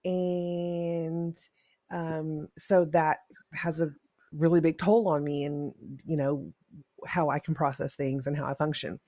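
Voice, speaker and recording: A podcast co-host in casual chat, laughing along and throwing in quick teasing remarks. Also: mid-range voice, flat delivery, dark tone, dry recording, studio quality.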